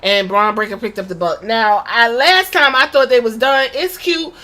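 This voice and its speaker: A woman with a slightly high voice hosts a podcast and recaps a wrestling show in loose, casual talk. She swears freely and tells the story with lively energy, slipping into quick impressions of the people she describes. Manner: profane, animated storytelling with quoted impressions. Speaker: podcast host.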